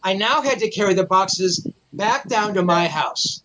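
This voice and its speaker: A man telling a long, profane, animated story in a casual chat. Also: high voice, unhurried, noisy background. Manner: profane, animated anecdote teller. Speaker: memorabilia collector guest.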